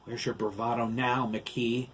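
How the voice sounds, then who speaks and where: A man's voice: mid-range voice, flat delivery, measured pace, a little hiss or hum, close to an everyday voice. A man voicing a cruel male giant who taunts and gloats over his captives. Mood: taunting. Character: gleeful cruel male giant, sneering villain.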